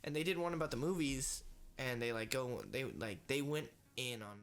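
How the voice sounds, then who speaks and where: A man's voice: mid-range voice, normal speed, clean tone. A young man co-hosting a casual podcast, telling stories with lots of "like" and free swearing. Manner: animated storyteller, heavy filler "like", swears freely. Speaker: podcast co-host. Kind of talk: casual chat.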